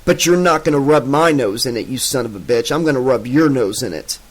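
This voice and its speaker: A man voicing a shrill, foul-mouthed male scientist in a furious rage. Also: expressive, a little fast, natural voice. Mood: raging. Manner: shrill, shouting, swearing.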